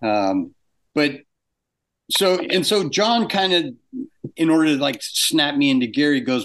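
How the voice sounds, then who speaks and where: An older man telling anecdotes in a casual interview, acting out quoted exchanges with animated shifts in pitch. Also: measured pace, long pauses. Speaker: guest animator.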